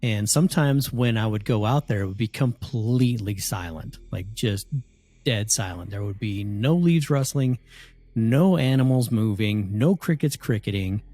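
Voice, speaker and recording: A man telling a spooky story in a casual, animated way, often acting out the voices of the people in it. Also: lowish voice, unhurried. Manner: animated, acts out voices in his stories.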